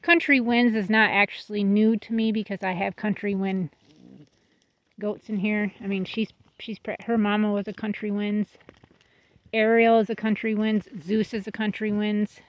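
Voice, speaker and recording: A woman's voice: medium pitch, little pitch movement, normal speed, no room sound. Chatty woman touring her goat pen. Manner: chatty, fond, talks to her goats. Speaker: goat breeder. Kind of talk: casual vlog tour. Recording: slightly dull lo-fi sound.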